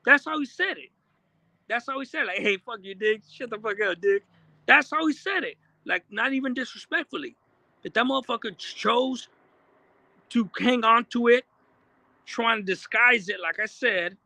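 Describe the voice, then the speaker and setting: A man with a high, bright voice gives casual commentary, swearing freely and repeating his points. The sound is dry and close, with no room echo. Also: normal speed, gravelly. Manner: profane, animated, repeats himself. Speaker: commentator reacting to an interview.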